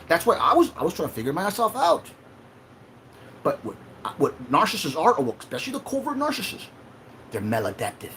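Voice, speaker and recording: Male livestream host, heated and swearing, slightly high voice that swings widely in pitch. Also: a bit bright, a little hiss or hum. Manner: emotional, profane, confrontational.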